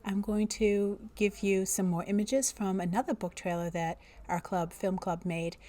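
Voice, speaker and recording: A woman teacher introducing a book and then reading its first chapter aloud in a deliberate storytelling manner. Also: medium pitch, flat delivery, mellow.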